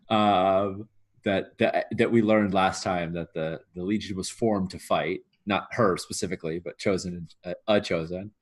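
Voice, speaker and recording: A man playing a tabletop game, explaining his character in a casual, rambling way. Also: low-pitched. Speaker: player.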